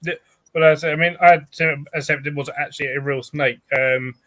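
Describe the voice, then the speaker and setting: A British man chats as a podcast guest, laughing often as he tells a story and mimics what other people said. His voice sits a little high for a man. The sound is close and dry, with no room around it. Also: fairly even intonation, a little fast, bright, forceful tone, no echo. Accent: British English. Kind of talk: casual chat.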